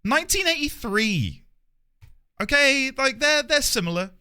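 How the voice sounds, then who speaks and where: A man's voice: very high-pitched, sing-song, a little slow, sharp tone. A man live-streaming a game, chatting casually with viewers, greeting them by name and playing up mock outrage.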